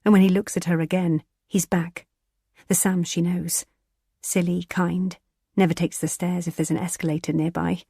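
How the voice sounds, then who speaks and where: A woman reading a thriller audiobook in a tense, measured narrating style. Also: lowish voice, level tone, creaky, warm tone, breathy edge, no room sound, studio quality.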